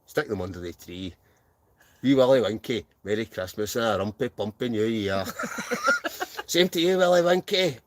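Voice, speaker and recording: Speaking in a mid-range voice on a dry recording, a Scottish man runs a live stream from a camping tent for his wild camping channel. He reads viewer comments and names out loud, full of jokes and frequent laughter.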